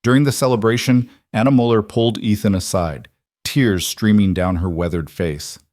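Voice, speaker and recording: A man with a fairly low voice narrates a frontier storybook in a steady, measured audiobook style. The recording is dry and close, with no room sound at all. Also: dry recording.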